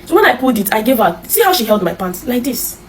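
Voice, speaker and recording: A Nigerian woman telling her own life story in an interview, halting and repeating herself, with many restarts. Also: fairly high pitch, big pitch swings, slight background noise, low-quality recording. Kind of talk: emotional personal storytelling.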